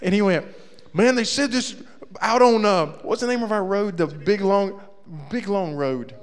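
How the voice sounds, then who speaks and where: A man telling a comedic story to a young audience, acting out his friends' voices and shouting the punchlines. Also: sits high, unhurried, long reverb tail.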